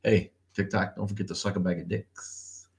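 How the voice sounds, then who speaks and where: A man with a lowish voice hosts a casual livestream. He rambles loosely, laughs often, and keeps breaking off to greet the chat. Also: steady tone, normal speed, darkish tone. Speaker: livestream host.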